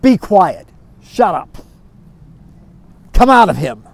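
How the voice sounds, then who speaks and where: A man's voice: sits high, sing-song, normal speed, vocal fry, dark tone, dry recording, heavily acted. A man voicing Jesus in a Bible lesson, speaking plainly and firmly, in a lightly raised voice. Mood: stern. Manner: stern, then plain and kindly. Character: Jesus, calm and commanding healer.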